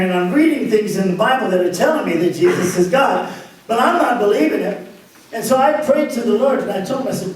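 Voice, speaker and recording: A pastor telling his personal testimony, a man recounting the story with laughs between phrases. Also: high-pitched. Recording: very echoey, distant microphone.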